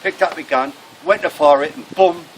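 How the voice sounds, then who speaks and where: A man voicing a loud, blustering wounded soldier telling his war story. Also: a little high, moderate pace, close to an everyday voice. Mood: boastful. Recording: noisy room.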